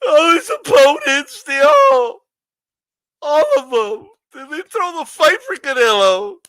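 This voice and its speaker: A man putting on the voice of a whiny, sobbing adult male boxing fan who shouts his complaints. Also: sing-song, takes it slowly, dry recording, studio quality, full character voice. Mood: sobbing whine. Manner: crying, shouty, high-pitched complaining.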